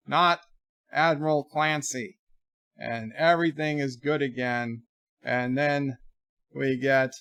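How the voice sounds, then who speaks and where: A man's voice: on the high side, a bit bright, dry recording, clean studio sound. A man hosting a casual live stream, reading viewer letters aloud and riffing on them with jokes, in a rambling way. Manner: rambling, reads letters aloud and riffs jokingly. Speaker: livestream host answering viewer letters. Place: home room.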